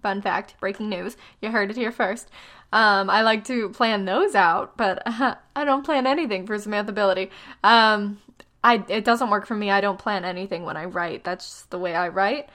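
A woman in her twenties giving blogging tips in a casual vlog, chatty and self-deprecating, with lots of fillers and quick asides, a little tired. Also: medium pitch, a bit bright. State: tired, yawning.

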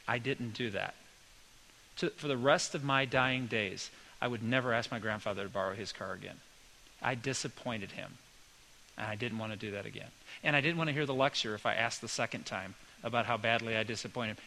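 A man preaching a sermon with a bright, forward voice. He keeps it folksy and conversational and drifts into homespun stories. A faint hiss sits under the recording. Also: medium pitch, fairly quick, rough recording. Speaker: pastor.

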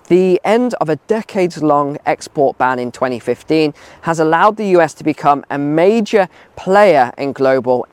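A man's voice: on the high side, a little mellow, no room sound. Emphatic man vlogging on a walk. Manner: emphatic, repeats phrases for stress. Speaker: video commentator. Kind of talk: casual opinion vlog while walking. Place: outdoors on a walk.

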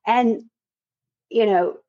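A woman's voice: mid-range voice, extremely slow, no echo, lo-fi sound. A woman guest in a casual interview, speaking earnestly and repeating key phrases for emphasis. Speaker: guest, fitness trainer.

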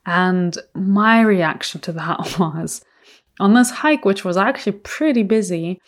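A woman's voice: medium pitch, unhurried. A woman hosting a podcast, telling a personal story in an earnest, reflective way. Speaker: podcast host.

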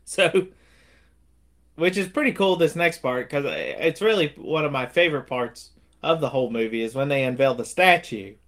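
This podcast co-host talks at a normal speed in a fairly high voice. Reviewing movies in a relaxed way, he gets animated, performing scenes and lines from films and laughing as he goes.

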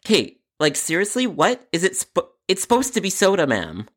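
A man's voice: high-pitched, wildly swooping pitch, normal speed. A man hosting a podcast, narrating a customer service story with an exasperated, sarcastic inner monologue. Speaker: podcast host.

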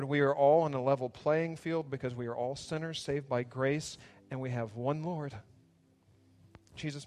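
A man preaching a sermon as pastor, earnest and preacherly, in a church sanctuary. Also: medium pitch. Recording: long hall reverb.

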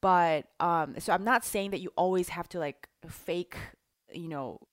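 A woman coach giving a teaching monologue in a bubbly, emphatic, energetic way. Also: fairly low pitch, measured pace, dry recording, clean studio sound. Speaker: life coach.

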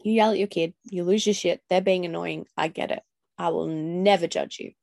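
A woman's voice: on the low side, fairly even intonation, normal speed, vocal fry, darkish tone, no echo, clean studio sound. A woman in her thirties hosting a casual solo podcast, talking candidly with swearing, laughter and acted-out outbursts. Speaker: podcast host.

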